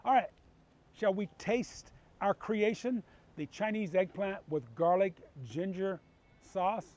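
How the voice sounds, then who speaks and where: A man's voice: high-pitched, slow pace. A man hosting a cooking show, chatting casually and enthusiastically as he tastes his food. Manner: warm, enthusiastic, savoring food aloud.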